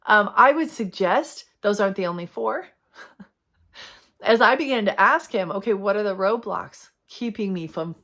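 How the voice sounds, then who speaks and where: A woman's voice: medium pitch, fairly bright tone. Earnest woman giving a heartfelt devotional talk. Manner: heartfelt, candid, acts out her prayers. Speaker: Christian video host.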